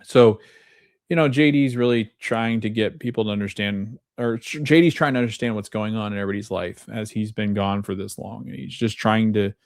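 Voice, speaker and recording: A man's voice: fairly low pitch, brisk, darkish tone, no room sound, studio quality. A man hosting a podcast, casually recapping and reacting to a TV episode in a rambling way, full of fillers and loosely retold quotes. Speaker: podcast host.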